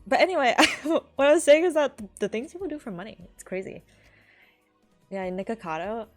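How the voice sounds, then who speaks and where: A woman's voice: on the high side, sing-song, a little fast. Young woman streamer from california just rambling to chat, lots of "like" and giggles, faint music behind. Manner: rambling, laughs often, heavy use of "like". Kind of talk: casual live-stream chat.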